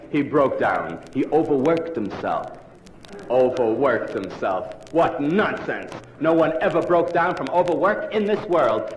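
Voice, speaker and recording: A man in his forties delivers a comic lecture with a theatrical flair and a lively, swooping pitch. The room sounds large and echoey. Faint hiss from an early 1960s vinyl record sits underneath. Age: 40s. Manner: theatrical, punchline-driven. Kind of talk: comic lecture to a live audience. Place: lecture hall with audience. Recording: roomy live hall on early 1960s vinyl. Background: audience laughter.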